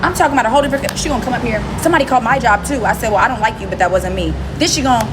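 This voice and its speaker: A woman hosts her own phone livestream and vents at a commenter in a blunt, scornful tone. Her voice sits on the high side, and she hammers the same dismissive lines again and again. A steady hum of background noise runs under her talk. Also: very fast, hardly any pauses. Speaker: livestream host. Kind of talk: ranting livestream talk to viewers.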